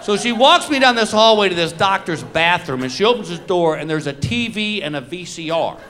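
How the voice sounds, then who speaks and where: A man's voice: sits high, lively intonation, brisk, fairly bright tone, a faint crowd. A man doing a stand-up comedy routine on a club stage, telling a story with punchlines and brief acted quotes. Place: comedy club stage with live audience laughing. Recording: live club recording with audience noise.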